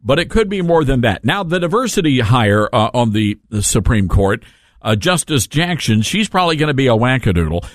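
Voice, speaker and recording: A man's voice: mid-range voice, very animated, dry recording, studio quality. A man with a Southern accent hosting a talk radio show, chatting with callers in a folksy, joking way. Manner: folksy, chatty, quick to laugh. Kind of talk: casual talk radio chat. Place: radio studio. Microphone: studio mic.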